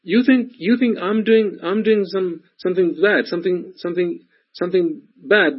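A high-pitched, aggrieved child's voice, put on by a husky-voiced man, whining and stammering in protest. The sound is dull and lo-fi, with the top end missing. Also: normal speed. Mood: offended. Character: indignant child protesting to a parent. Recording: dull lo-fi recording.

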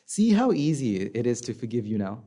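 A man giving a conversational Buddhist dharma talk, often asking the listeners questions and acting out inner voices in a soft, low tone. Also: sing-song, normal speed. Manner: conversational, asks the audience rhetorical questions. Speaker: Buddhist teacher.

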